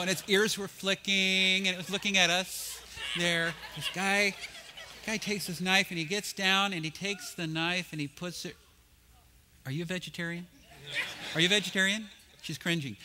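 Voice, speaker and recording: A man speaking at a conference, telling animated anecdotes with jokes. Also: sits high, noisy background. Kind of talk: storytelling talk. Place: conference stage.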